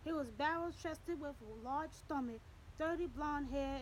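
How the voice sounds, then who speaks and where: A woman narrating an audiobook in a steady, measured reading. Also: sits high, background noise.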